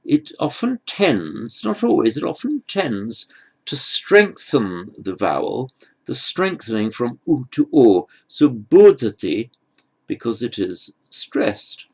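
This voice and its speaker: A man teaching Sanskrit grammar in an unhurried lecture, patient and halting, often restarting his phrases. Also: medium pitch, big pitch swings, creaky, slightly rough.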